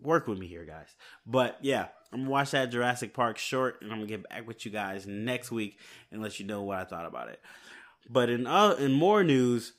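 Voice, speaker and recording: A man's voice: medium pitch, animated, moderate pace, a bit bright. Male podcast host, casual solo chat, tired and rambling, recording at home. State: hiccups. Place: home, late at night.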